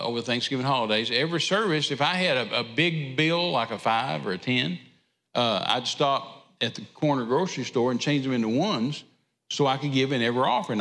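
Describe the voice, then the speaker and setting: Preacher guy, gravelly voice, rambling folksy storytelling, churchy reverb. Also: mid-range voice, a bit bright. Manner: folksy, rambling, self-deprecating humor. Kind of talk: storytelling sermon. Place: church sanctuary.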